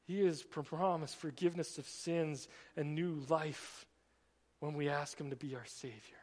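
Guy preaching a sermon, pretty high voice, long echo like a big church hall. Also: fairly even intonation. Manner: swings from emphatic raised delivery to quiet, drawn-out emphasis. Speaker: pastor.

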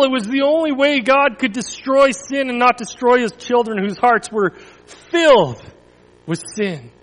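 A man with a high-pitched voice speaks as a pastor in a church. He tells a story with dramatic pauses and sudden quiet moments, and his words ring out with a long reverb around the hall. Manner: expressive storytelling, dramatic pauses, drops to near whisper. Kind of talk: children's story reading then church announcements.

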